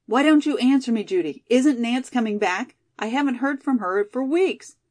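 An emotional young college girl, as a woman reads her out, speaking eagerly and raising her voice. She sounds impetuous and warm-hearted, in a storybook reading. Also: a little high, expressive, normal speed, voice pushed up.

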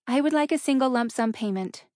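A woman's voice: sits high, expressive, fairly quick, a little mellow, dry recording, voice pushed up. A middle-aged woman going through a divorce, plain-spoken and direct, read by the audiobook's narrator. The voice is close and dry. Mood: resolute.

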